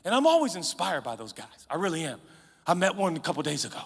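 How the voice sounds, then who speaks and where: A man in his forties, a pastor, preaching a sermon in an animated, humorous, conversational way, out of breath and sweating. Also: on the high side, fast, creaky, breathy edge. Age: 40s. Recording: reverberant large hall.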